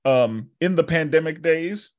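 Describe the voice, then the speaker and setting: A man's voice: a little high, animated, unhurried, darkish tone. A man co-hosting a podcast, recapping a film in a rambling, casual way with many fillers. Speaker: podcast co-host.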